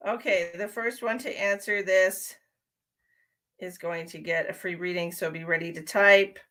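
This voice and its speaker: A woman's voice: lowish voice, steady tone, measured pace, a bit bright. A woman who works as a psychic medium, chatting casually with viewers on her live stream. She is playful, laughs often and calls people sweetheart and honey.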